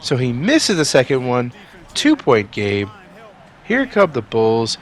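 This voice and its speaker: A man doing play-by-play for a basketball video game simulation, swinging from calm asides to excited outbursts, a bit sick. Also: mid-range voice, takes it slowly. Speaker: video game sim commentator. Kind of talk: play-by-play commentary.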